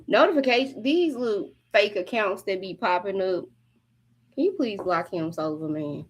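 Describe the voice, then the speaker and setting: A woman hosting a casual tarot-reading livestream, with a mid-range pitch that is typical for a woman. She talks bluntly and chattily straight to her viewers, swears freely and laughs often. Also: expressive, normal speed. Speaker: tarot reader.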